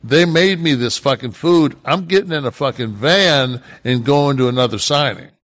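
A man in his sixties co-hosting a podcast, talking casually in a rambling, profane way, full of halting restarts. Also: medium pitch, a bit bright, no echo, clean studio sound. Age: 60s. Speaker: podcast co-host. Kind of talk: casual chat.

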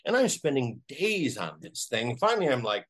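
A man, an actor, telling a story casually in an interview, animated and acting out the voices of people he quotes. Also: medium pitch, moderate pace. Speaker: actor guest.

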